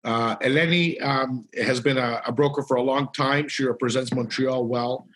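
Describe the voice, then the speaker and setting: A man's voice: medium pitch, steady tone, normal speed, a bit bright. A man co-hosting a real estate livestream, chatty and often restarting his words. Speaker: co-host of a real estate web show. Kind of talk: livestream talk show.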